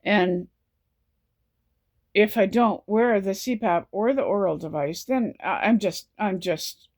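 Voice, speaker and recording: A woman talks to camera in a personal vlog, exhausted from no sleep and close to tears, her speech halting and repetitive. Her voice is mid-range with a darkish tone.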